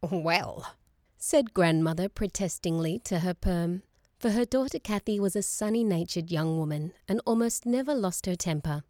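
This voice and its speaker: Audiobook narrator, woman, expressive and measured, dry close-miked studio sound. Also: fairly low pitch, no room sound. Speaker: audiobook reader. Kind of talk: scripted narration.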